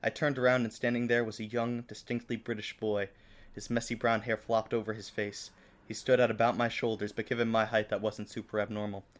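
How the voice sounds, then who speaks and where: A man's voice: fairly low pitch, level tone, brisk. A man co-hosting a podcast, reading fan fiction aloud with theatrical flair and breaking into laughter. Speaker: podcast co-host.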